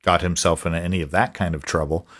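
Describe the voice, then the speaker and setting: A man's voice: deep voice, steady tone, fast talker, a bit bright. A man co-hosting a podcast in casual chat, rambling with frequent restarts and chuckles. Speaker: podcast co-host.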